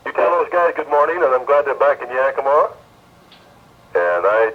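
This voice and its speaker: A man's voice: medium pitch, big pitch swings, normal speed, pauses often. A man calling in to a radio show, friendly and chatty. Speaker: caller. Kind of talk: radio call-in. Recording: tinny phone line on 1970s radio.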